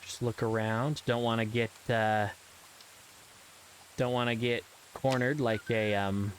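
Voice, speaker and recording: A man's voice: mid-range voice, fairly even intonation, slow pace, a little hiss or hum, low-quality recording. A man giving casual, rambling commentary while playing a video game, with frequent ums and uhs and self-deprecating asides. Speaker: let's play gamer.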